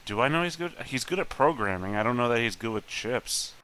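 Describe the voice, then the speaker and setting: A man's voice: mid-range voice, expressive, brisk, sharp tone. A man playing a tabletop role-playing game who keeps questioning and arguing each point. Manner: questioning, argumentative. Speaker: player.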